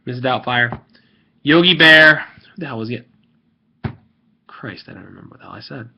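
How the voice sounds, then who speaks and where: Young guy ranting about a game, cussing and rambling, mid pitch, kinda muffled mic. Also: moderate pace, gravelly, bright, forceful tone. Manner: rambling, salty, profane. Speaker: gaming video creator. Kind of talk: rambling gaming commentary rant.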